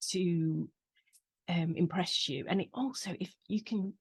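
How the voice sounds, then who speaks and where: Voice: mid-range voice, unhurried, breathy edge, no echo. A podcast co-host chatting casually and listening supportively, with frequent short agreements. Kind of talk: casual chat.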